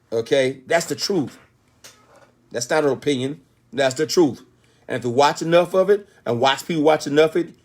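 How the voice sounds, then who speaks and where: Older man, motivational speaker, fairly high voice, emphatic, repeats himself, rhetorical questions. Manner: emphatic, asks and answers his own rhetorical questions; repetitive, with frequent "Okay?" checks. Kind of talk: motivational talk on a call.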